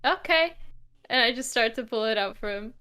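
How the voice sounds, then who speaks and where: A woman playing a tabletop game, describing her actions in a soft, hesitant, wry way. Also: a little high, fairly even intonation, fast talker, clear, resonant tone. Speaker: player. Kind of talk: tabletop role-play.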